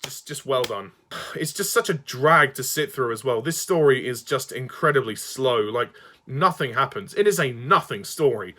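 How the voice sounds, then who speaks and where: A man's voice: medium pitch, fairly bright tone. A man delivering an exasperated ranting review monologue, swearing and sighing often. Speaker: fan reviewer.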